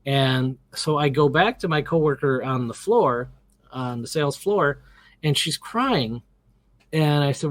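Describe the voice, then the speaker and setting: A man's voice: fairly high pitch, measured pace, no echo. A middle-aged man as an interview guest, telling a story casually and animatedly, acting out the quotes and restarting his sentences often.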